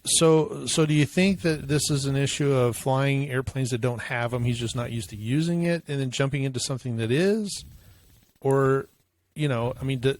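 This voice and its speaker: A man co-hosting a podcast, thinking aloud in casual chat with many fillers. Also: medium pitch. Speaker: podcast co-host.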